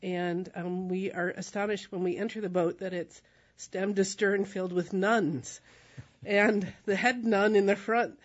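An American woman telling a travel story in a casual, animated way, often laughing as she talks. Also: medium pitch, unhurried. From United States. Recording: dull lo-fi recording.

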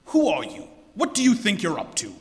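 A man's voice: high voice, wildly swooping pitch, a little fast. An actor playing a hearty, easily flustered male doctor companion, in 1940s radio acting style, on a reverberant old broadcast.

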